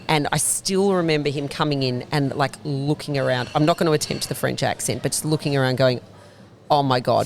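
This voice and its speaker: Woman with a creaky voice. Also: extremely low pitch, slight background noise. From Australia. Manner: fluent, detailed storytelling. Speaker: bakery founder, guest. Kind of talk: casual interview chat. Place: inside her bakery.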